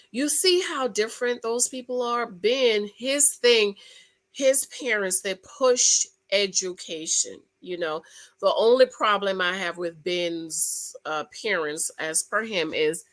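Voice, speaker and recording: Bright-voiced woman vlogger, expressive. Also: medium pitch, slow pace, poor audio. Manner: emotional and expressive, addresses viewers directly; animated, swings between loud excitement and quiet asides. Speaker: vlogger reviewing a reality show. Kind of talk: casual commentary to viewers.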